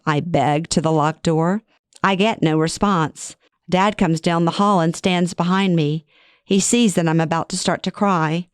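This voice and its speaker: A woman's voice: lowish voice, steady tone, measured pace, clear, resonant tone, dry recording, studio quality. A middle-aged woman reads her own personal story aloud in a wry, conversational, self-deprecating way. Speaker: author reading her own memoir. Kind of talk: first-person story narration.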